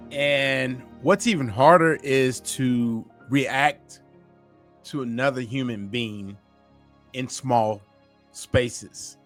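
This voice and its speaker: A man hosting a reaction video, reflecting earnestly and addressing viewers directly. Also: medium pitch. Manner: earnest, musing, speaks to viewers as "folks". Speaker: reaction channel host.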